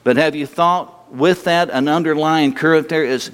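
A man's voice: on the high side, moderate pace, fairly bright tone, smooth. A man preaching a sermon in a folksy, humorous way, with restarts and sudden bursts of emphasis. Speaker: pastor. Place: church sanctuary. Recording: long hall reverb.

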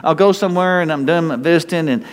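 Man, pastor, North Texas twang, fairly high voice, conversational sermon, long church reverb. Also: fast talker. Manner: animated, conversational preaching with rhetorical questions.

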